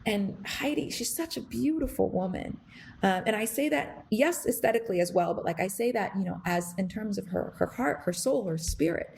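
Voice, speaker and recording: Her voice is mid-range and expressive, with vocal fry and a darkish tone, moving at a moderate pace over a little hiss or hum. A young adult woman hosting a podcast, she tells a reflective story in an earnest, rambling way full of fillers and restarts, getting emotional almost to the point of tears.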